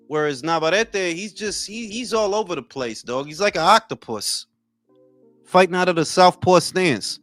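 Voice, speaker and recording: A man's voice: a little high, fairly bright tone, no echo. A man in his forties hosting a boxing talk livestream, chatting casually with viewers in loose, profane, joking banter. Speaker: boxing talk show host.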